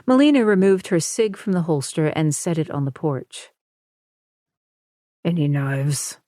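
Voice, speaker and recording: A woman narrates an audiobook with a low, slow and measured voice. Her tone is dark and mellow, and the dry studio sound has no room echo. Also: expressive. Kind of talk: scripted narration.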